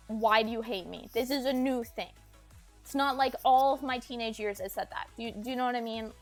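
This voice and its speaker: A woman's voice: on the high side, fairly bright tone. A young woman streamer telling an upsetting family story, agitated and swearing, often raising her voice to replay arguments. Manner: agitated, swears, acts out quotes in raised voice. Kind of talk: emotional storytime chat.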